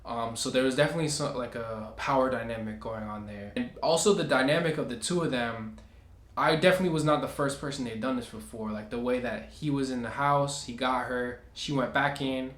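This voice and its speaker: A man telling a personal story in a casual vlog, animated and acting out what others said. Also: mid-range voice, fairly quick, roomy sound. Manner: animated, acts out other people's lines.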